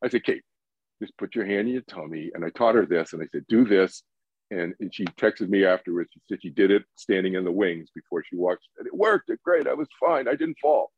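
A man's voice: deep voice, a little fast, breathy edge, dry recording, phone-quality sound. A man talking as a guest meditation teacher in a podcast interview, acting out quotes and asking rhetorical questions. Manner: animated, acts out quotes, asks rhetorical questions.

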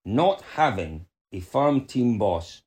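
A man's voice: medium pitch, sing-song, takes it slowly, a little mellow, slightly rough. A man giving his views as a pundit in casual panel chat, rambling on and adding one more final word. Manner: rambling, keeps tacking on final words. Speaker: rally pundit.

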